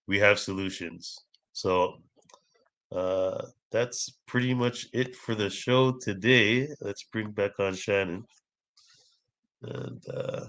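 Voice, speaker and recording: A man hosting a podcast, wrapping up the show in a relaxed, unhurried way with frequent fillers. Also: low voice. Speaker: podcast host. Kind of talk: casual podcast sign-off.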